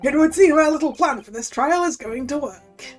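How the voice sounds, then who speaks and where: Woman reading an assured older professor who talks in a measured, reassuring way. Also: high-pitched, faint music behind, voice pushed up, natural voice. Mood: confident. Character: assured older male professor, protective father.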